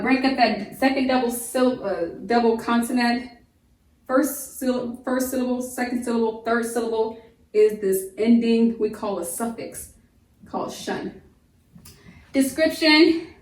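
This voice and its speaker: A woman homeschool teacher giving a phonics lesson to young children, stretching out each word slowly and explaining patiently. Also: on the high side, far from the mic. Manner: slow, drawn-out sounding of words, patient explaining. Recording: echoey room, voice off-mic.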